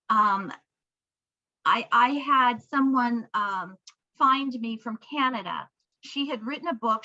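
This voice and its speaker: A woman's voice: on the high side, pushed and bright, highs cut off. A woman book coach telling stories and teaching, acting out bits of dialogue over a video call. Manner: storytelling, acts out dialogue. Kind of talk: conversational teaching.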